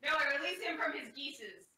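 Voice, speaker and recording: A woman's voice: high-pitched, expressive, moderate pace, sharp tone, heavy reverb, recorded from a distance. A woman playing in a tabletop game, chatting in a playful, teasing way. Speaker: player. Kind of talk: casual tabletop game chat.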